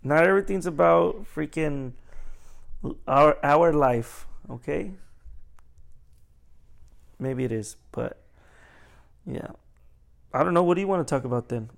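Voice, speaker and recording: Teasing man with a gravelly voice. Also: a little high, unhurried, long pauses. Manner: teasing, playful. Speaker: partner of an expecting mother. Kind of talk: casual couple chat.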